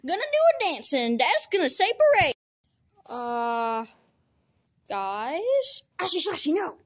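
A woman in a homemade comedy series, excitable and given to squeals and shrieks during playful pretend play. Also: high-pitched, takes it slowly.

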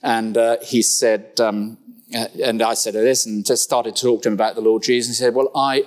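Animated preacher, wry humor. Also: male voice, medium pitch, moderate pace. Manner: animated and humorous, with rhetorical questions. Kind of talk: sermon. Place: church.

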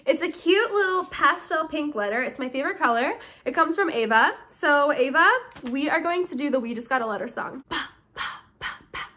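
A bubbly, excitable young woman chatting to her camera as she opens fan mail. Her voice sits high and sounds bright and sharp. She gushes thanks to her viewers. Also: fairly quick. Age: young adult. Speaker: YouTuber opening fan mail. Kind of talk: casual chat to camera.

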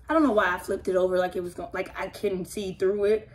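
A young adult woman reacting to gifts in a casual unboxing vlog, excitable and emotional, full of slang and exclamations. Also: mid-range voice, quick pace. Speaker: vlogger opening gifts.

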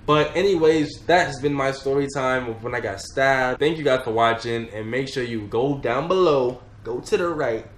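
A man's voice: medium pitch, normal speed, hardly any pauses. A young man telling a rambling, profane story in a casual storytime vlog. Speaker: vlogger. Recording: echoey room with faint noise.

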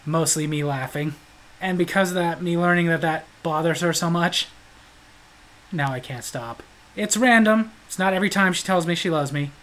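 A man's voice: fairly high pitch, normal speed, rough recording. A man hosting his own show, telling comic stories with jokes and frequent laughter. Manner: joking, animated, laughs often. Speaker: host. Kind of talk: comedic storytelling.

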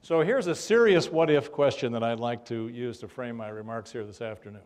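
An older man lecturing on history to a live audience, his voice sitting in an ordinary middle register. He tells his stories with a dry, wry humor and an unhurried, conversational delivery full of little fillers. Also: mid-range voice, darkish tone. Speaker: history professor giving a lecture. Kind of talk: public lecture with anecdotes.

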